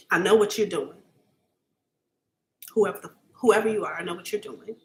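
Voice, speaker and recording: An earnest woman reads for her viewers on a live stream, her voice sitting at an ordinary mid pitch for a woman. She talks casually but with heavy emphasis and keeps checking in with the audience. She is openly emotional and at times close to tears. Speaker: psychic reader. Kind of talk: live-stream psychic reading, talking to viewers.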